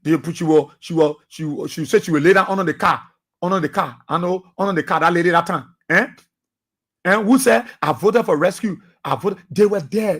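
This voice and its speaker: Fiery Liberian radio host, high husky voice. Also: male voice, animated, fairly quick. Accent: Liberian English. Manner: impassioned, preachy, repeats phrases, shouts at times. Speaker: radio talk show host. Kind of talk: fiery political radio commentary.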